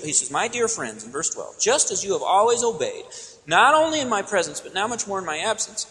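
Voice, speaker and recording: A man's voice: on the high side, sharp tone. A man preaching an expository sermon, emphatic and teacherly, asking questions and answering them himself. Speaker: pastor. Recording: long hall reverb.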